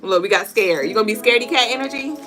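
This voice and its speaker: A woman hosting a live spiritual reading stream, talking in an animated, profane, laughing way and breaking into chants. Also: fairly high pitch, very fast, music in the background. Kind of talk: casual live-stream tarot-style reading.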